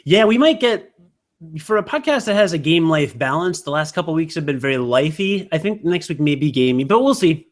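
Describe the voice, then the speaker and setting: A man chats casually as a podcast co-host. His voice sits a little high, and he rambles and mocks himself, trailing off into fillers. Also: expressive, fairly quick. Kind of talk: casual chat.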